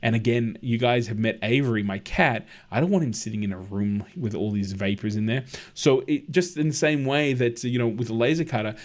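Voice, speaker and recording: A man's voice: mid-range voice, fairly quick, few pauses. A man hosting a casual livestream, chatting in a friendly way, answering viewer comments and telling anecdotes. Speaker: livestream host.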